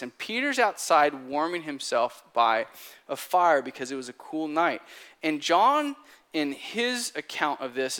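Bright-voiced animated preacher man. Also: mid-range voice. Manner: animated storytelling, conversational. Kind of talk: sermon.

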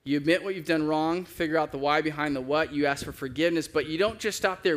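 Earnest man preaching a sermon. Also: fairly high pitch. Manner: earnest, varies pace, slows for emphasis. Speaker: pastor.

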